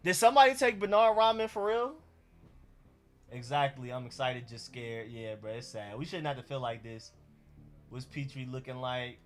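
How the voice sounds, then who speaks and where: A man's voice: medium pitch, lively intonation, normal speed, soft background music. A young man with an Atlanta accent, hosting a casual live stream and reacting to chat and talking to his dog. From Georgia.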